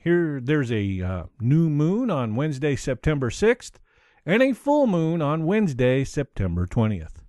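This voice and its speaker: A man's voice: on the high side, dry recording, clean studio sound. A man hosting a solo podcast, upbeat and chuckling between points. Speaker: podcast host.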